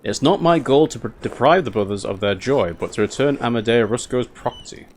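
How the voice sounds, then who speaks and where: A man's voice: mid-range voice, lively intonation, brisk, a little hiss or hum, close to an everyday voice. A man reading aloud the lines of a stubborn young male artist, in a plain read-aloud way. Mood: firm.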